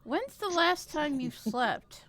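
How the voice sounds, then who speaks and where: A woman's voice: sits high, big pitch swings, slow pace, a bit bright, slight background noise. A woman playing a tabletop game, teasing the others. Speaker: player.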